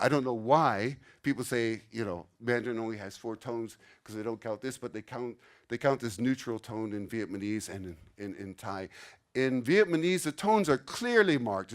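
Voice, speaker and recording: An older man giving a casual, explanatory lecture to a live audience in a conference room, often checking in with "okay?". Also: mid-range voice. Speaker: conference speaker.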